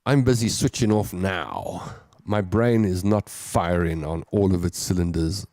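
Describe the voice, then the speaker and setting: A man's voice: deep voice, lively intonation, a little slow, darkish tone, dry recording, clean studio sound. A man with a South African accent hosting a show, casually chatting and joking as he reads out viewer comments. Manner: chatty, jokey, reads comments aloud and riffs on them. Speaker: host.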